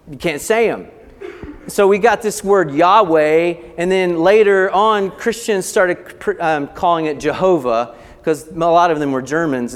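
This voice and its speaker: A male pastor teaching a sermon in a high voice that rises and falls freely. He explains things step by step and keeps checking in with "okay?", acting out bits of dialogue along the way. A long reverb trails off behind him in the church hall.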